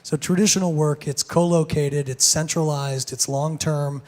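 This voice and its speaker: Hoarse man, somewhat high voice, gravelly, chatty keynote speaker on a stage. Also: fairly even intonation, normal speed, darkish tone. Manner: casual, many fillers and restarts. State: hoarse, lost voice. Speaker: conference speaker. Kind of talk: keynote talk. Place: conference main stage.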